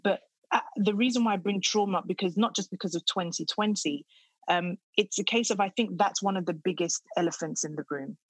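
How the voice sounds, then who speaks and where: Middle-aged woman, podcast guest, husky and heartfelt, dry close sound. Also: medium pitch, fairly quick, dry recording, rough recording. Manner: earnest, heartfelt, with many restarts. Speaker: podcast guest, speaker on trauma. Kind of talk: casual interview conversation.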